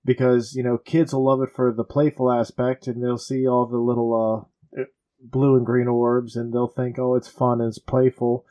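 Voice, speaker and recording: A man's voice: medium pitch, level tone, normal speed, warm tone. Earnest man talking in casual chat. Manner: earnest, hesitant with fillers.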